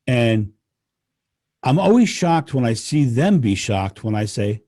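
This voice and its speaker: Animated man with a lively voice. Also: mid-range voice, unhurried, no room sound, studio quality. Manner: animated, laughs often, rants with enthusiasm. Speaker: podcast guest. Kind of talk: casual conversation.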